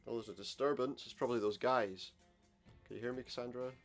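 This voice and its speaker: A man's voice: mid-range voice, fairly even intonation, fast, faint music behind. A man playing through an adventure game, commenting wryly and reading the dialogue aloud. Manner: wry, sarcastic asides. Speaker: let's play gamer.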